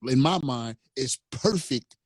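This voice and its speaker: A man co-hosting a casual interview, teasing the guest with loud laughs and playful asides. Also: mid-range voice, expressive, takes it slowly, breathy edge. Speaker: podcast co-host.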